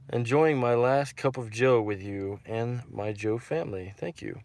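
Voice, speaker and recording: A man's voice: mid-range voice, unhurried, darkish tone, no room sound. A man from Texas hosting a casual livestream and reading out viewer comments, rambling and repeating himself with lots of fillers.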